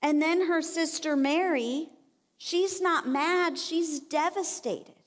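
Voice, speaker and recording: A woman giving a conversational, animated sermon at a church women's conference and acting out the lines she quotes. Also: very high voice, slow pace. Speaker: conference speaker. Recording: long reverb of a church hall.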